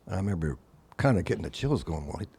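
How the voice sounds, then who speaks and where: A man's voice: sits low, very fast, breathy edge. An older man, a guest musician, telling long anecdotes in casual conversation and acting out the people he quotes. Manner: anecdotal, animated quoted voices. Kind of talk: casual storytelling.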